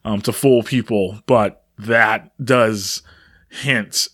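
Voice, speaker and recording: A man co-hosting a casual film discussion, laughing often and pausing with fillers. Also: lowish voice, steady tone, fairly bright tone, no room sound, studio quality. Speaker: podcast co-host.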